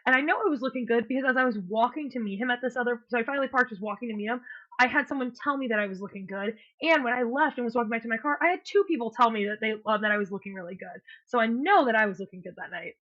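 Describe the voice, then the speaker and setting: A woman's voice: fairly high pitch, rapid-fire. A woman co-hosting a podcast, telling a dating story in casual chat and acting out what people said. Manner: animated storyteller, acts out quotes, swears. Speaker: podcast co-host. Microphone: podcast mic, remote call. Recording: muffled lo-fi sound.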